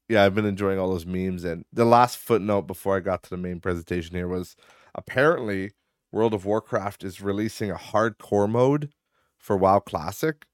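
Low-voiced rambling podcast host. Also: male voice, clear, resonant tone, dry recording, studio quality. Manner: rambling, laughs often, swears casually. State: tired, yawning. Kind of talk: casual podcast chat.

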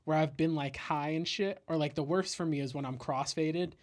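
A man co-hosting a casual podcast, joking crudely and swearing in quick banter. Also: a little high. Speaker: podcast co-host. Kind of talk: casual chat.

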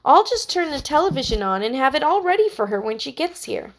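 A woman voicing a timid, sensitive young girl who speaks softly and hesitantly. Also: high voice, big pitch swings, fairly quick, voice pushed up. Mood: eager. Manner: soft, hesitant, contrite.

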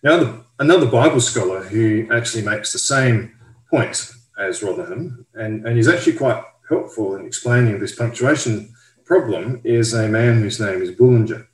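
A man talks through a Bible passage in a measured, careful teaching manner. His voice sits low. The sound rings a little off the walls of an echoey room. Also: animated. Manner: measured, careful, explaining step by step. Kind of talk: explanatory Bible study talk.

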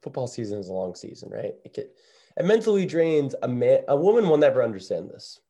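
A man co-hosting a casual sports podcast, joking and rambling, often dropping his voice low. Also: very animated, a little fast. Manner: jokey, rambling, drops to a hush. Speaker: podcast co-host.

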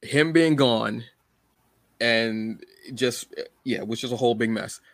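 A man hosting a podcast, asking questions in a relaxed, conversational way. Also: mid-range voice, unhurried, no room sound. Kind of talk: casual podcast chat.

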